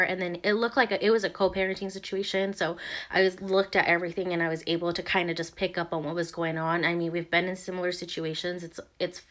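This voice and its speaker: A woman's voice: on the low side, a bit bright. A young woman vlogger casually recounting a tense morning, rambling with lots of fillers and restarts. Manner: rambling, filler-heavy retelling with many "like"s. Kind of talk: casual storytelling.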